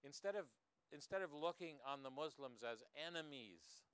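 A man's voice: on the high side, animated, normal speed, a bit bright, clear, resonant tone, no room sound. A man preaching a sermon in an earnest way, often turning points into questions to his listeners. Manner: earnest, with rhetorical tag questions.

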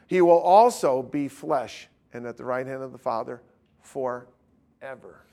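A male preacher delivering a sermon, telling stories in an animated, emphatic way. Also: medium pitch, a little slow, creaky. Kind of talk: sermon with storytelling.

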